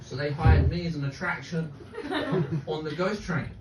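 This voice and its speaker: Deadpan young comedian on stage. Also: male voice, fairly high pitch, normal speed. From England. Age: young adult. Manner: deadpan, dark one-liners. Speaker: stand-up comedian. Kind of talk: stand-up set. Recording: roomy, distant, noisy club recording. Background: audience laughter.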